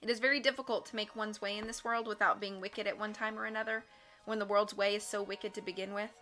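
Bright-voiced woman reading a storybook. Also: medium pitch, flat delivery, fast talker. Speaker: audiobook reader. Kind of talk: storybook narration. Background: faint music.

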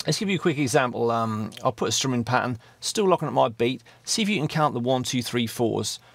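A man's voice: mid-range voice, lively intonation, a little fast, gravelly, dry recording. A man teaching a guitar rhythm lesson, patiently counting beats aloud and encouraging the player as he strums. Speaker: music teacher. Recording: loud backing music under voice. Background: guitar and drum track playing.

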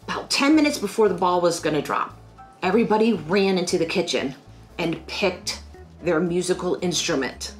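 A middle-aged woman from Pennsylvania chatting casually about family holiday memories in a rambling, animated way. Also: lowish voice. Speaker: financial firm staff. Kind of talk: casual personal storytelling.

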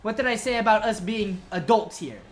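A woman gamer commentates her monster fight, her pitch swinging widely as she lectures the beast like a stern parent. She swears freely and breaks into yells when things go wrong. A faint hiss of noise sits behind her voice. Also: expressive, fairly quick. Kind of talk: live gameplay commentary.

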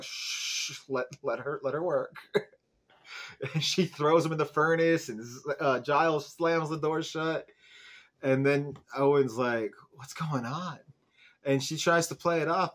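A man hosting a fan show, casually recapping a TV episode in a chatty way, full of "like" and "um". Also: a little high. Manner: chatty, peppered with "like" and "um", animated retelling. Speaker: show host reviewing an episode.

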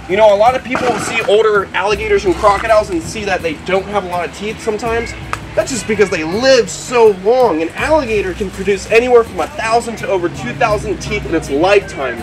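A man hosting a wildlife vlog outdoors at an alligator park, talking in an energetic, playful way and loudly coaxing the animals. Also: sits high, fairly quick, over music. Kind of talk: excited casual talk with animals.

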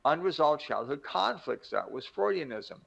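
A man's voice: on the high side, big pitch swings, moderate pace, gravelly, fairly bright tone, husky, dull audio. An older man giving an emphatic motivational talk, acting out quoted voices as he teaches. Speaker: self-help teacher.

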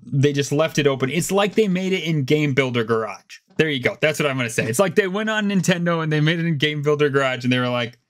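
A man co-hosting a casual gaming podcast, talking in an animated, rambling way that keeps starting over. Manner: animated, rambling, self-interrupting, pitch jumps up when excited. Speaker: podcast co-host. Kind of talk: casual chat.

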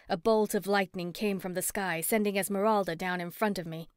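A woman narrating a first-person story in an expressive, steady audiobook read on a close mic. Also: medium pitch, fairly quick, few pauses, smooth, no room sound.

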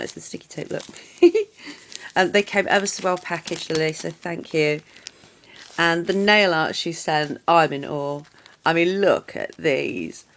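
A woman's voice: fairly low pitch, vocal fry, a little hiss or hum. Gushing woman showing off nail art. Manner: gushing, effusive. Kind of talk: casual product unboxing.

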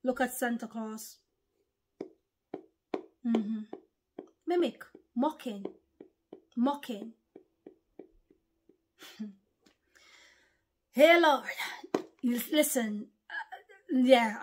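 A woman's voice: fairly high pitch, very slow, pauses often. A woman, preaching an informal online sermon in an impassioned, repetitive, emphatic way. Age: 40s.

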